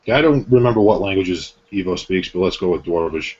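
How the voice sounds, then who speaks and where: A man playing a tabletop game, talking quickly and loosely with fillers. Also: low-pitched, lively intonation, a little mellow, a little hiss or hum. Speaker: player. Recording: distant, dull lo-fi audio.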